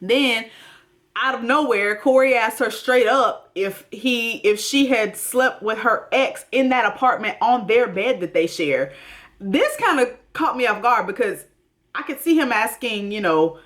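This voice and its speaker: A woman's voice: on the high side, lively intonation, measured pace, fairly bright tone. A woman hosting a TV recap, talking in a blunt, emphatic way straight to her viewers. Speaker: TV recap host. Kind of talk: casual commentary.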